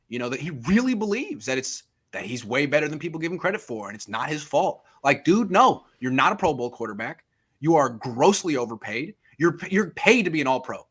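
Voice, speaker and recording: A man with a fairly high, bright voice hosts a sports talk show. His pitch swings widely as he rants, getting worked up and heated. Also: husky. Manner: heated, ranting, mimics the quarterback in quotes. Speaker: sports podcast host.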